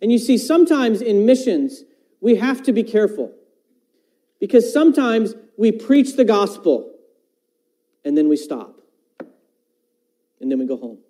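A man's voice: high-pitched, big pitch swings, unhurried, long pauses, warm tone. A man preaching a sermon in an earnest way, repeating phrases and asking the listeners rhetorical questions. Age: adult parent.

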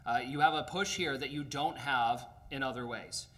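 A man preaching an earnest, emphatic sermon, often pausing with fillers. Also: mid-range voice, bright, forceful tone.

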